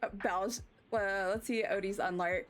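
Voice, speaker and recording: A woman's voice: mid-range voice, steady tone, a little slow. An American woman streamer chatting casually with her chat, rambling and self-mocking, reacting to comments as she plays. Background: faint background music.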